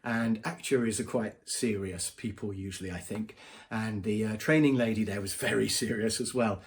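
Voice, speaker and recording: Speaking at a moderate pace in a fairly low voice, a man who works as a business trainer offers advice directly to camera in a conversational vlog. He performs the voices of people he quotes.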